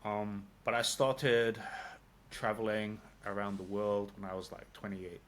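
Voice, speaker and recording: Brief: British man from London, lowish voice, loose rambling guest with lots of "like" and swearing. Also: level tone, a little slow, a bit bright, a little hiss or hum. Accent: British English. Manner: rambling, many fillers, casual swearing. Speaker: interview guest. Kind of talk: casual interview.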